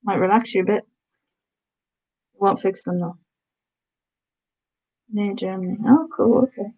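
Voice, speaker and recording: A woman's voice: medium pitch, measured pace, warm tone, muffled recording. A woman from the Black Country, England, chatting casually on a live stream, answering viewers' comments and slipping into giantess role-play. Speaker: ASMR streamer.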